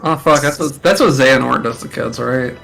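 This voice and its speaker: A man co-hosting a gaming podcast in casual chat, joking and quick to laugh. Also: medium pitch, gravelly, fairly bright tone, faint music behind. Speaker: podcast co-host.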